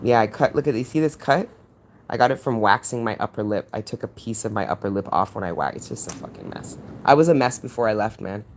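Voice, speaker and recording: A woman speaks in a relaxed, affectionate way straight into her phone while walking outdoors. She keeps up a steady stream of casual chat with her viewers and reads their comments out as she goes. A little faint outdoor noise sits behind her voice. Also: very deep voice, fast talker. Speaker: spiritual coach and retreat host.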